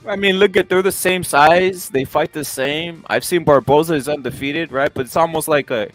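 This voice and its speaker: A young man co-hosting a casual boxing podcast, talking loud and animated with crude banter and many restarts. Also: a little high, moderate pace, no room sound, faint music behind. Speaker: podcast co-host.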